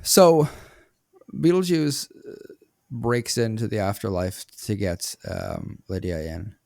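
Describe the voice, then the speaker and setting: A man co-hosting a podcast in casual chat, animated and teasing as he asks questions. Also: on the low side, takes it slowly, vocal fry, no echo, clean studio sound. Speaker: podcast co-host asking questions.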